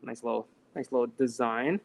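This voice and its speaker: A man's voice: medium pitch, moderate pace, vocal fry. A man co-hosting a live knife sharpening stream, reading out viewer questions and agreeing often, with plenty of "uh" and "um". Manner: hesitant, lots of "uh" and "um", agreeable. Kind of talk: casual live-stream chat. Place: knife shop.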